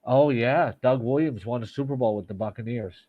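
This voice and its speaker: A man's voice: medium pitch, fairly quick, no echo. A man who is a fantasy football guest, chatting in a self-deprecating, talkative way over remote audio. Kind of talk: casual chat. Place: home in New York. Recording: dull dry remote audio.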